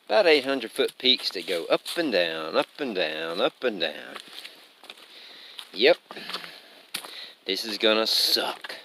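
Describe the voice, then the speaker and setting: A man's voice: medium pitch, bright, forceful tone, slight background noise. A man hiking a long trail and talking to his handheld camera in an easygoing, rambling, self-mocking way, sometimes short of breath from climbing. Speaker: thru-hiker vlogger. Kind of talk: casual trail vlog. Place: outdoors on a forest trail.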